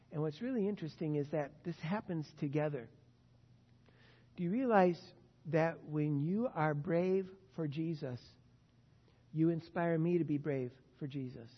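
A man preaching a sermon as pastor, earnest and emphatic, his loudness rising and falling. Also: on the high side, long reverb tail, highs cut off.

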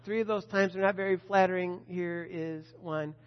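Retelling scripture in story form, this preacher puts rhetorical questions to his congregation and at one point addresses a disciple head-on. His medium-pitched voice is smooth and fairly even, moving at a moderate pace. The audio sounds dull, with a long reverb tail trailing each phrase.

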